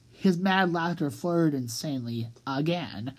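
A woman's voice: extremely low pitch, moderate pace, few pauses, a little mellow, husky, rough recording. A woman narrating a children's audiobook expressively, drawing out key words for emphasis. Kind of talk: storybook read-aloud narration. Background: music.

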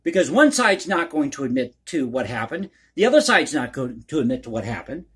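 This political commentary YouTuber has a medium-pitched, fairly bright voice with a breathy edge, very animated and fairly quick. In his one-take vlog he rambles folksily and conspiratorially, sharing opinions and calling his viewers folks.

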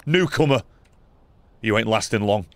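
A young man giving sarcastic, swearing commentary while playing a game, with sudden loud outbursts. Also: fairly low pitch, lively intonation, moderate pace. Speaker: gaming YouTuber. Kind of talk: let's play commentary.

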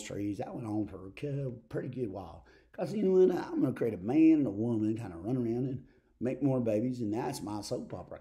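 A man with a Southern accent rambles through a comic preacher monologue in a folksy, meandering way. His voice is mellow and unhurried in tone, sitting at an ordinary pitch. He slides in and out of little quoted voices as he spins the tale. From Texas.

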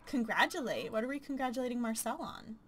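Woman, let's play commentary, chatty, excitable, fairly high voice, faint hiss behind. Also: fast talker. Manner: chatty and excitable, gushing aloud. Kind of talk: casual gameplay commentary.

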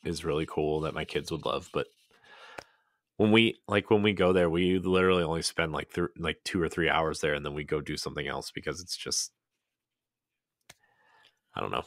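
A man with a very low, deep voice talks loosely on a podcast, wandering through his thoughts with plenty of fillers and restarts. His voice is recorded close and dry, with no room sound. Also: moderate pace, pauses often, fairly bright tone, no echo. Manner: rambling, many "like"s and restarts. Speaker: podcast co-host. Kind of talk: casual podcast chat.

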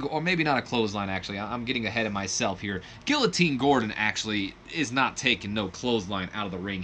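A man's voice: mid-range voice, bright, forceful tone, slight background noise. A man narrating a wrestling sim in a rambling, self-correcting way, laughing at his own slips. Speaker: game commentator. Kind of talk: let's play narration.

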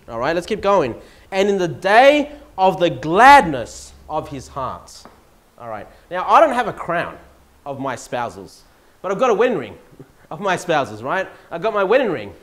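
A man's voice: on the high side, a bit bright. A middle-aged Australian man preaching a sermon in a church, conversational with rising emphatic peaks. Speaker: pastor.

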